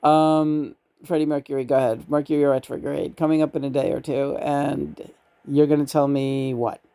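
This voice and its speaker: A man's voice: a little high, level tone, moderate pace, creaky, warm tone, clean tone, dry recording. A man talking in a loose, rambling way during a spirit channeling session from an apartment, cursing casually and dropping names.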